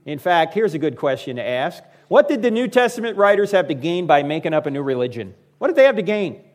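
Man in his fifties, fairly high voice, lively public speaker, joking, talks straight to the audience. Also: quick pace. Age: 50s. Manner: animated storyteller who acts out quoted voices; joking, addresses the audience directly. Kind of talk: humorous talk to a live audience.

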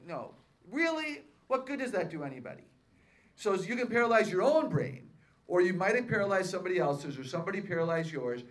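A woman's voice: on the low side, a little fast. A woman and author speaking to a live audience at a faith-based seminar, peppering them with questions and playful self-mocking humor. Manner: lively, quizzes the audience with questions.

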